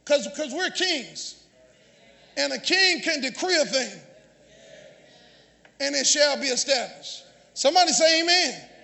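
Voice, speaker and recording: A man preaching a sermon as pastor, calling out to the congregation and often shouting. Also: very high voice, animated, a little slow, vocal fry, long pauses. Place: church sanctuary. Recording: long church hall reverb.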